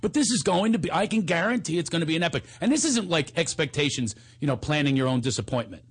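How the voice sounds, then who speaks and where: A man in his forties, a comedian, telling animated stories in a casual chat and sometimes breaking into theatrical singing. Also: quick pace, slightly rough. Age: 40s. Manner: animated storyteller, bursts into high theatrical singing.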